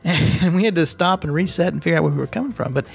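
A man's voice: on the high side, animated, quick pace, creaky, slightly rough. A man co-hosting a casual faith discussion, hesitant and searching for his words with many restarts. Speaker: podcast co-host.

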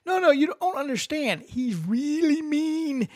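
A man's voice: very high-pitched, big pitch swings, measured pace, darkish tone, no room sound, clean studio sound, pitched above the performer's own voice, full character voice. A man voicing a frantic, pleading male cartoon sea sponge. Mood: panicky. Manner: panicky, pleading.

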